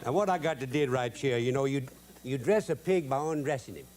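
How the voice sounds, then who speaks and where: Lively in intonation and brisk in pace, this mid-range, darkish voice belongs to a Cajun-accented cooking show host. He drawls, cracks jokes and speaks in homespun, broken-grammar English as he demonstrates a recipe.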